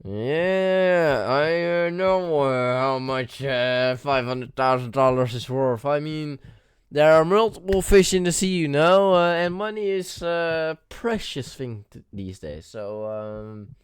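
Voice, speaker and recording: A man reading a story game aloud and commenting on it, rambling and hesitant while he sounds sick and hoarse. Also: a little high, takes it slowly, dry recording, clean studio sound. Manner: rambling, hesitant, with many restarts and fillers. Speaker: gaming YouTuber playing a story game.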